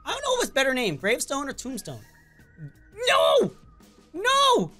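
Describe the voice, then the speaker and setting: A woman hosting a casual game playthrough, reacting with excitable, dramatic exclamations and groans. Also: sits high, rapid-fire, faint music behind. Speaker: gaming channel host. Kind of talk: casual let's-play commentary.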